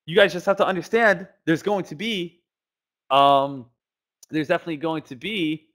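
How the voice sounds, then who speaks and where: A fairly high-voiced man walks through a trading chart in a quick, energetic lesson. He keeps asking rhetorical questions and now and then acts out the voices of eager traders. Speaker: stock trading educator.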